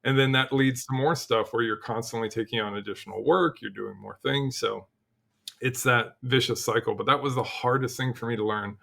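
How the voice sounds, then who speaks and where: Podcast guest, middle-aged man, gravelly voice, mid-range pitch, loose storytelling with lots of restarts. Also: brisk. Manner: animated storyteller, acts out quotes, frequent "like" and restarts. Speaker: podcast guest, cybersecurity leader. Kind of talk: casual interview chat.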